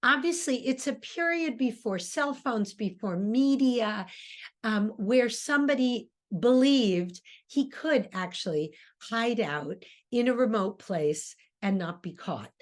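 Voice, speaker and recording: An older woman, a theater director, giving an informal classroom lecture with many fillers and restarts, acting out quoted lines with sudden pitch jumps. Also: expressive, slow. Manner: thoughtful, with frequent fillers and restarts.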